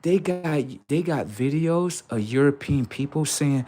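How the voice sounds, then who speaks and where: A man hosting a livestream, ranting in a heated, taunting way, swinging between loud jeers and low asides. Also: a little slow, hardly any pauses. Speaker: livestream host. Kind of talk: profane livestream rant.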